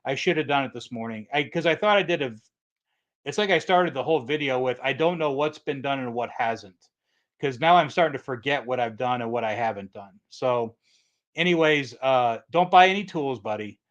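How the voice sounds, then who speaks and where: A man's voice: mid-range voice, lively intonation, brisk, dull audio. Rambling middle-aged man, casual stream talk. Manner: rambling, repeats himself, frequent restarts and "uh". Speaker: livestream host answering chat questions. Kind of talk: casual livestream chat.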